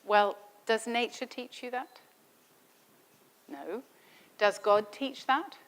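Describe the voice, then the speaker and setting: A woman's voice: a little high, takes it slowly. A middle-aged woman giving a theology lecture in a conversational style, thinking aloud and asking rhetorical questions. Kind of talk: spoken Bible teaching. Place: lecture at a summer school.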